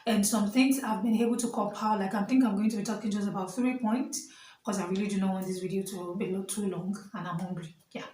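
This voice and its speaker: A woman's voice: mid-range voice, steady tone, fast talker, warm tone, roomy sound, recorded from a distance, slight background noise, low-quality recording. A young Nigerian woman vlogging to camera while standing, chatty and earnest, with many fillers and asides. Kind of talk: casual vlog talk to camera.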